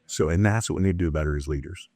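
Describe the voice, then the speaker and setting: A man's voice: extremely low pitch, racing, no room sound. A middle-aged man, a guest on a business interview, telling motivational stories and acting out the dialogue in them. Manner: animated motivational storytelling with acted-out dialogue. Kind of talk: casual interview talk.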